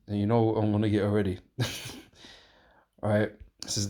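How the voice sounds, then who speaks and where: A man's voice: on the low side, completely flat delivery, moderate pace, dark tone. A man preaching informally, rambling and emphatic, with many fillers and tag questions. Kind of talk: informal preaching with scripture reading.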